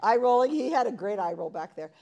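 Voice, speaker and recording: A woman's voice: on the high side, lively intonation, quick pace, mellow, highs cut off. A woman leading an interactive workshop, talking conversationally and asking the audience questions in a room full of people. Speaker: workshop presenter.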